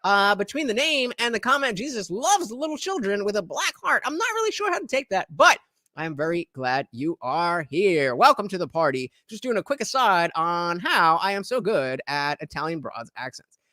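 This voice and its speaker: Livestream host, man from New Jersey, very lively pitch, casual rambling chat commentary. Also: moderate pace, no room sound, studio quality. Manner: rambling, lots of fillers, animated.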